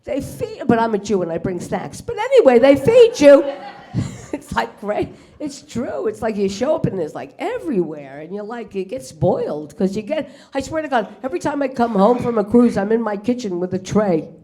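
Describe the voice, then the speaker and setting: This middle-aged stand-up comedian has a slightly high, sing-song, mellow voice at normal speed. Performing to a live crowd at a comedy club, she curses freely and acts out her punchline characters.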